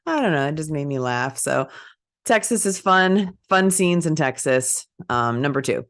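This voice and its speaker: Giggly low-voiced woman podcaster. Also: expressive, unhurried, gravelly. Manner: chatty and giggly, breaking into high put-on voices to act out scenes. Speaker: podcast host. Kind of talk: casual movie chat.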